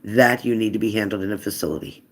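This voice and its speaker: A man's voice: on the low side, steady tone, quick pace. A man hosting a tarot live stream in a casual, chatty way, reading out viewer comments and answering them earnestly.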